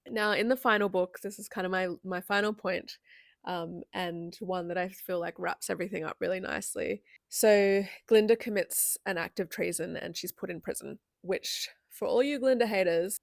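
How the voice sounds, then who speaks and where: A woman's voice: mid-range voice, moderate pace, creaky, no echo, clean studio sound. A young adult woman giving a chatty, candid video essay with frequent asides.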